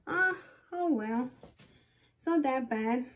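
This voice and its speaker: Excitable high-voiced young woman vlogger. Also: slow pace. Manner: excitable, exclaiming, narrating her own actions to viewers. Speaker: wig review vlogger. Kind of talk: casual self-talk while doing a wig install. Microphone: phone camera.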